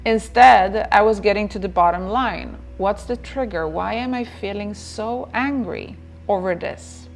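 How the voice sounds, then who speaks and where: A woman's voice: medium pitch, unhurried, gravelly, few pauses, faint music behind. A woman giving a reflective motivational talk on self-care, who repeats phrases and checks in with "right?".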